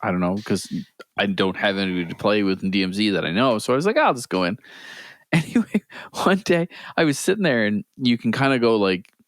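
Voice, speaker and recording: Animated storytelling man, lively pitch. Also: a little fast, no room sound, clean studio sound. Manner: animated storyteller, acts out voices, laughs often. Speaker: podcast co-host. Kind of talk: casual chat.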